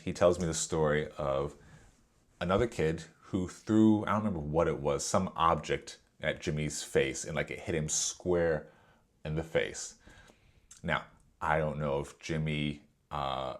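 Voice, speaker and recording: A man with a very low voice recounts his days as a substitute teacher. His storytelling is animated. He acts out both sides of the conversation and scatters fillers throughout. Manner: animated retelling, acts out dialogue, many fillers. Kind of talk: storytime vlog.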